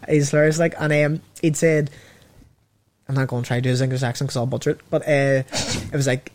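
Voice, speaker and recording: A man's voice: medium pitch, level tone, brisk, a little mellow. A Northern Irish man telling rambling stories in a casual chat about comedy, with many restarts.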